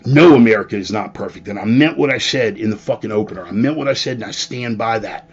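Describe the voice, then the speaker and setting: A man's voice: fairly low pitch, fast, lo-fi sound. A man hosting a podcast, delivering an opinionated monologue with profane, emphatic ranting and mocking asides. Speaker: podcast host.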